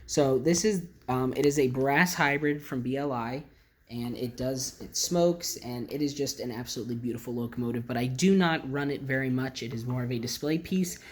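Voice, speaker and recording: Model train vlogger, eager, rambling, mid-range pitch, casual show-and-tell, home layout room. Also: moderate pace. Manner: rambling, many ums and restarts, eager. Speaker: model railroad channel host.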